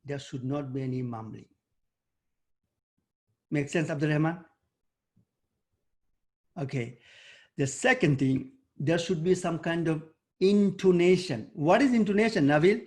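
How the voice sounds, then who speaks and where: A man teaching an online debate workshop over a video call. He coaches and quizzes students by name, and he often pauses and searches for words with fillers. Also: on the high side, a little mellow.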